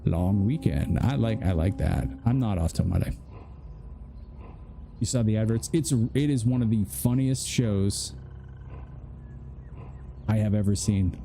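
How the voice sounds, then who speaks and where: A man's voice: on the low side, measured pace, vocal fry, long pauses, warm tone, slight background noise. A man streaming a video game, chatting and joking in rambling asides as he plays. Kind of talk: casual gameplay commentary.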